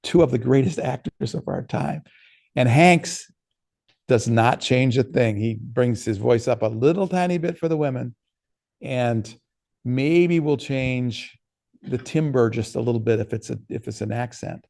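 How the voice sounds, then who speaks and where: A man's voice: medium pitch, measured pace, gravelly, a little mellow. A man, an author, giving a casual workshop talk and answering questions, telling stories in a conversational way with frequent restarts.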